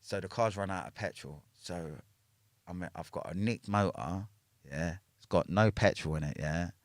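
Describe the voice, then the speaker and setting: This man speaks at a moderate pace in a low voice, with a dry recording and a London accent. Appearing as a podcast guest, he swears freely while telling a casual story, tagging each line with a questioning "yeah?".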